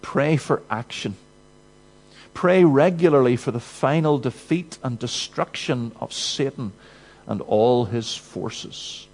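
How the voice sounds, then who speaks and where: A man preaching a sermon in an earnest, emphatic manner, rising to urgency and dropping to quiet. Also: mid-range voice, takes it slowly, poor audio.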